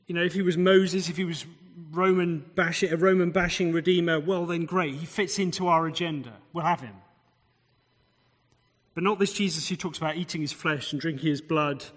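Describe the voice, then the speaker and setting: Male preacher, conversational expository sermon, slightly raised pitch, long echo of a hall. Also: fairly bright tone. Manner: expository, conversational asides, rhetorical questions.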